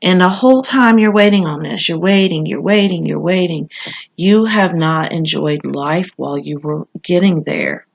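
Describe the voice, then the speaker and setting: A woman's voice: on the low side, normal speed, gravelly, dull audio. Conversational woman reading tarot. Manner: conversational, frequent fillers and asides. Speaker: tarot reader. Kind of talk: casual tarot reading monologue.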